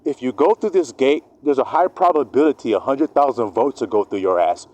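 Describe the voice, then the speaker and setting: Animated, profane man preaching. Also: mid-range voice, brisk, rough recording. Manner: animated, profane, acts out both sides of arguments. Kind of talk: street-style sermon monologue.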